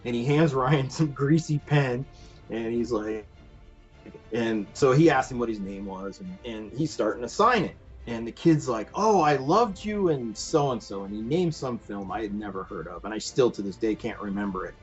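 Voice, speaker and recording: A man guest on a podcast, telling a long story in an animated, rambling way full of fillers. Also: lowish voice, normal speed, breathy edge. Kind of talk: casual anecdote telling. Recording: dull lo-fi podcast audio with faint music.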